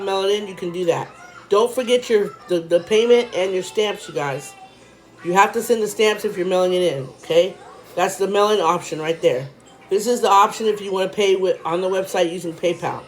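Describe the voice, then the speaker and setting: Woman vlogger, casual explainer, breathless, mid-pitched voice, faint background music. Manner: reads figures fast, chatty asides to viewers. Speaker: vlogger reviewing a money program.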